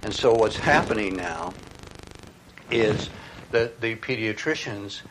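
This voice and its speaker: Male preacher, emphatic sermon delivery, lowish voice, faint background noise. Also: slow pace. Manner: emphatic, with rhetorical questions.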